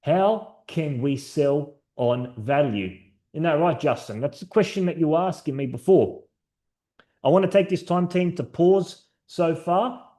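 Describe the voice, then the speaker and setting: A man's voice: a little high, animated, measured pace, dark tone. A man presenting a sales training session to his team over a video call, upbeat and encouraging, telling stories. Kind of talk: live online training session.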